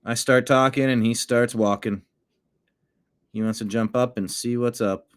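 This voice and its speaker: A man's voice: mid-range voice, fairly even intonation, unhurried, clean tone. A man hosting a casual online commentary show from his home desk, chatting and talking to his cat between stories. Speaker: host.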